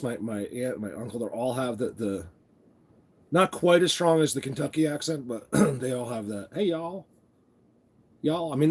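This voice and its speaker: Speaking in a husky, mid-range voice, a man hosts a live stream from his phone camera right after waking up. Groggy, the vlogger rambles casually and greets viewers by name.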